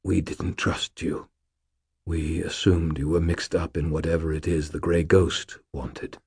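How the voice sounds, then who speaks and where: A man's voice: very deep voice, level tone, measured pace, vocal fry, a little mellow, breathy edge, dry recording, clean studio sound, heavily acted. A man reading the part of a dying old male ghost warrior, weak and fading, with formal, archaic speech. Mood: weak, gentle.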